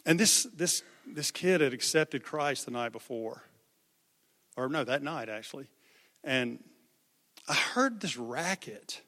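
A man's voice: mid-range voice, expressive, slow, long pauses, bright, forceful tone. A male preacher giving an impassioned sermon, repeating phrases for emphasis. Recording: long hall reverb.

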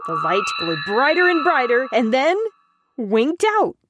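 A woman narrating a story in an even storybook telling. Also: sits high, unhurried, noisy background. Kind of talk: scripted narration.

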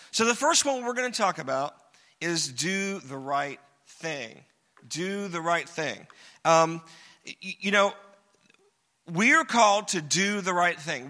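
A man preaches a sermon in a very bright, high voice. His delivery is casual and joking, and he drives points home by repeating them. The sound lingers in a large reverberant church hall. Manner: conversational, joking, emphatic repetition. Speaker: pastor.

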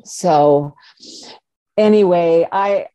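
A woman's voice: lowish voice, drawn-out words, dark tone, no room sound. An older woman co-hosting a parenting podcast, giving playful advice in a casual chat and laughing often. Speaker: podcast co-host, parenting coach.

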